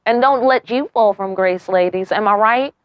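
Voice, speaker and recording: A woman's voice: mid-range voice, moderate pace, clear, resonant tone, no room sound, dull audio. A young woman giving a casual tarot reading, brash and profane, firing off rhetorical questions and tagging "okay?" onto her lines. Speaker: tarot reader.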